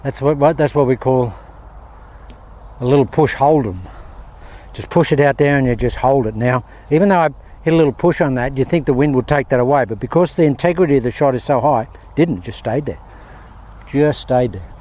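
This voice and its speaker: A golf instructor from Australia hits shots at a windy range while giving viewers a casual, upbeat lesson. He talks fairly quickly in a mid-range voice with a darkish tone, chatting freely and calling everyone "guys."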